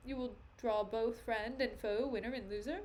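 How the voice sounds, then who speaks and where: A woman voicing a calm, commanding male king, read in a measured, regal way. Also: fairly high pitch, slight background noise, lightly acted.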